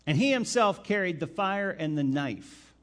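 A male pastor preaching a sermon and reading scripture, asking his listeners direct questions and stressing key words by swinging his loudness. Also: high-pitched, animated, measured pace. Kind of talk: expository sermon with Bible reading.

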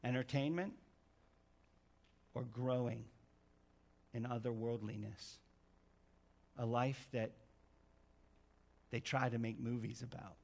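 A man preaching a sermon, telling stories with dramatic swings from hushed to loud. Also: mid-range voice, steady tone, slow pace, vocal fry, long pauses. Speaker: pastor.

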